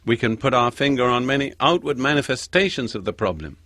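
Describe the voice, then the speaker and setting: Man preaching a measured, emphatic sermon. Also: mid-range voice, expressive, fairly bright tone, no room sound. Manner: measured, emphatic scripture reading.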